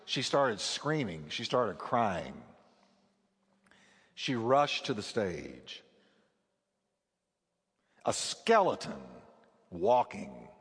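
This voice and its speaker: A male pastor preaching a sermon, telling a story with animated delivery and acting out the voices of the people in it. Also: mid-range voice. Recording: long hall reverb.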